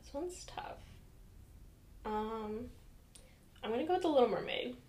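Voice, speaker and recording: A young woman co-hosting a podcast, chatty and quick to laugh. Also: a little high, animated, a little mellow, reverberant, a little hiss or hum. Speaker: podcast co-host. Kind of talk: casual podcast chat.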